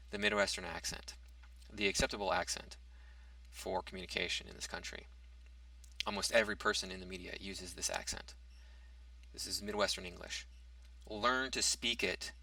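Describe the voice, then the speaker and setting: A man's voice: fairly low pitch, bright, forceful tone, dry recording, recorded from a distance. A man in a casual opinion monologue, reading out topics and rebutting them, with hesitant restarts. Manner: argumentative, reads out a topic then rebuts it. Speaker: commentary vlogger.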